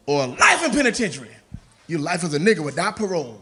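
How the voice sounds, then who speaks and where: A male stand-up comedian performing a set with an animated, punchy delivery. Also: high-pitched, fast.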